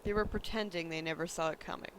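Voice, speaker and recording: A man's voice: a little high, steady tone, fast, background noise, natural voice. A man reading as a sneering, smug male pundit. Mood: scornful. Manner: sneering, lecturing. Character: smug, scornful male talk-show pundit.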